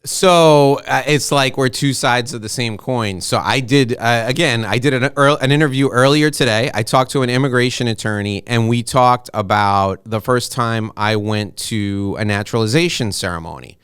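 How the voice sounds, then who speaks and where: A middle-aged American man hosting an interview, chatty and openly emotional, talking in quick asides with frequent restarts. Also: medium pitch, fairly bright tone, clean tone, no echo, studio quality. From United States. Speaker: podcast host and interviewer. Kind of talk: casual interview conversation.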